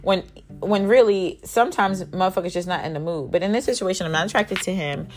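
A young woman hosting a podcast, telling a personal story in a blunt, profane, lively way. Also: lowish voice, a little fast, soft background music. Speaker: podcast host. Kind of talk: candid storytelling chat.

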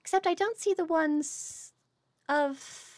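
A woman's voice: very high-pitched, slow pace, a little mellow, no echo, clean studio sound, voice pushed up. Woman voicing a poised, gracious fae queen. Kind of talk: tabletop role-play voicing.

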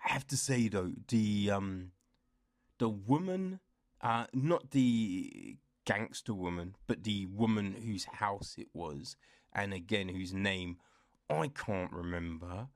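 A man's voice: on the low side, animated, slow pace, no echo, studio quality. A young man casually reviewing a book, rambling and chatty, with frequent laughs and quoted asides. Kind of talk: casual chat.

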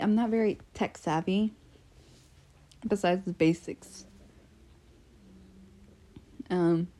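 Rambling young woman, warm low voice. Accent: American. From United States. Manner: chatty, self-deprecating, full of fillers and restarts. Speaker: podcast host. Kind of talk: casual solo podcast rambling.

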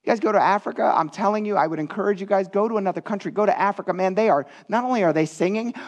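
A male pastor delivering a sermon with a notably high-pitched voice. He talks to the congregation directly and earnestly, in a conversational preaching manner. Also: racing, muffled recording.

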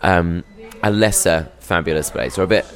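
A man's voice: sits low, normal speed, fairly bright tone. A young British man, a touring stand-up comedian, chatting in a rambling, self-deprecating way in a podcast interview. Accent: British English. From England.

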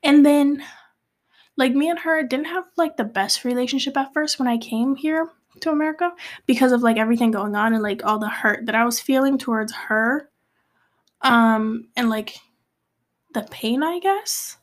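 A young woman from Cape Verde talks through a hurtful chapter of her life in a loose, confessional vlog style. Her voice sits a touch high. She rambles with fillers and restarts and drops to a hushed whisper here and there. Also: normal speed. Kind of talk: casual confessional storytelling.

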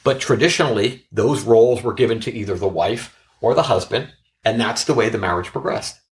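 A man's voice: fairly low pitch, a little fast. A man, a bankruptcy lawyer, telling an earnest story from his practice in a casual panel chat. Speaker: bankruptcy attorney on a podcast panel.

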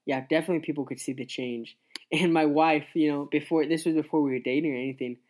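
A young man, a youth pastor, telling his story in a casual interview, earnest and halting with many restarts. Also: on the high side, fairly even intonation, a little mellow.

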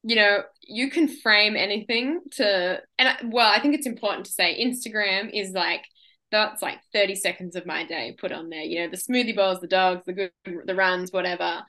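Bright, chatty young woman from Australia. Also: mid-range voice, normal speed. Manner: chatty and rambling, laughs often. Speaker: guest, ultra runner. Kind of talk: casual interview chat.

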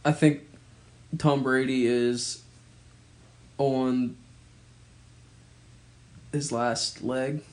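A man's voice: medium pitch, steady tone, drawn-out words, long pauses. A man co-hosting a podcast, chatting easily about sports and asking his partner for predictions. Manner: easygoing, asks for predictions. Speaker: podcast co-host. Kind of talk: casual sports chat.

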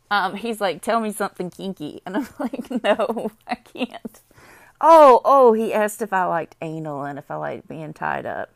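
A young woman, rambling in a casual confessional chat while high, laughing often and swearing freely. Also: vocal fry, no echo, clean studio sound. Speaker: vlogger.

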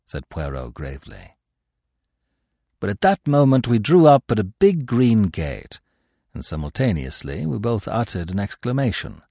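A man narrating a classic mystery as an audiobook, expressive and voicing each character. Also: low voice, moderate pace, creaky, dry recording, clean studio sound.

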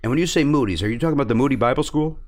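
A man's voice: medium pitch, racing, darkish tone. A man from Chicago with a faint Chicago accent, chatting as a podcast guest and telling stories in a loose, comic way. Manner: chatty storyteller, slips into comic voices. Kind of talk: casual chat.

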